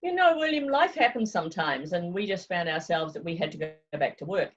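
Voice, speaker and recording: A woman's voice: on the low side, expressive, a little fast. Kiwi lady chatting on a video call, frank and laughy, bit muffled audio. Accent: New Zealand. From New Zealand. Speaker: travel agency owner. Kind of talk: remote interview, casual chat.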